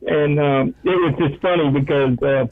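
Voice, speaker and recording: A man's voice: on the high side, fairly even intonation, normal speed. A man, a radio sports talk co-host, telling chatty football stories and acting out the quotes. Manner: chatty storyteller, acts out quotes. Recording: tinny phone-like radio line.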